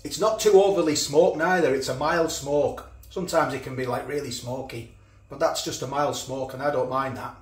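A man's voice: medium pitch, fairly even intonation, moderate pace, echoey room. A man chatting casually as he cooks and tastes food in a home kitchen. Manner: chatty, talks while chewing, frequent restarts. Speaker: food reviewer. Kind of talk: casual food review vlog.

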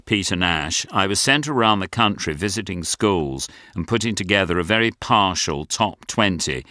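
Older man, low and bright, dry wit, lively delivery; close dry studio read. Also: no room sound. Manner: dry, wry, self-mocking. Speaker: author and narrator. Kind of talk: audiobook memoir narration.

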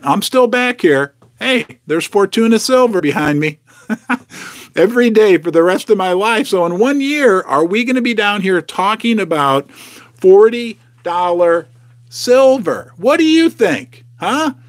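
A middle-aged man talks casually to his livestream viewers from a home basement, folksy and emotional. His voice sits high and swings widely in pitch. The sound is dry and close, with no room echo. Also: lively intonation, unhurried. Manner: chatty, folksy and emotional, asks viewers questions. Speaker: host of a precious-metals investing channel.

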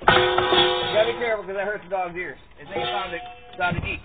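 A man's voice: high-pitched, a little fast, over loud music. A man giving rambling, casual commentary as he handles dogs in a pen outdoors, repeating words and grunting with effort. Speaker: vlogger showing dog handling. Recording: tinny phone-like audio, faint noise.

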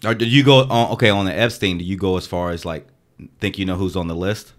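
A man with a low, deep voice co-hosting a comedy podcast. He rambles through his points with lots of fillers, then presses them home emphatically. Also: steady tone, fast. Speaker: podcast co-host. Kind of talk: casual podcast chat.

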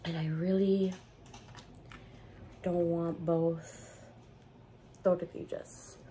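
A woman's voice: lowish voice, little pitch movement, drawn-out words, mellow, a little hiss or hum. A young woman, chatting casually between bites in a mukbang eating vlog. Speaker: food vlogger.

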